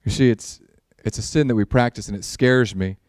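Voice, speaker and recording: A male pastor preaching a sermon in a church, opening with a prayer, animated with sarcastic asides and acted-out quotes. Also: mid-range voice, a little fast, dry recording, studio quality. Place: church sanctuary.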